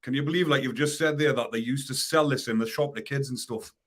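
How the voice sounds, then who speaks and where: A man's voice: mid-range voice, fast, fairly bright tone. A man hosting a podcast, asking casual prompting questions and swearing now and then. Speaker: podcast host. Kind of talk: casual interview.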